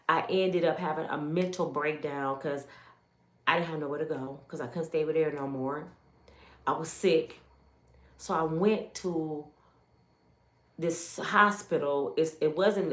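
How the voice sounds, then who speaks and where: A middle-aged woman from Michigan gives an emotional personal testimony, emphatic and full of quoted dialogue. Her voice sits low and the recording has a roomy sound.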